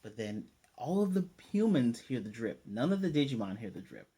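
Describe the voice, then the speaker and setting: Mellow-voiced man recapping an episode. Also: mid-range voice, very animated, a little hiss or hum. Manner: rambling, retells scenes with quick voiced asides. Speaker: anime reviewer.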